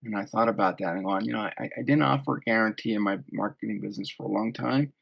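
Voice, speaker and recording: A man hosting a podcast, talking in a relaxed, conversational way about his own business. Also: on the low side, fast, creaky, breathy edge. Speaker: podcast host. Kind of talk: casual interview chat.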